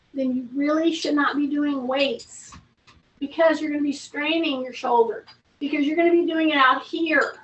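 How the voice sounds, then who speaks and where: A woman's voice: high voice, a bit bright, recorded from a distance. A woman fitness instructor leading a seated strength class at home, coaching in a chatty way and calling out breaths and reps. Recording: roomy, from off-mic, faint noise.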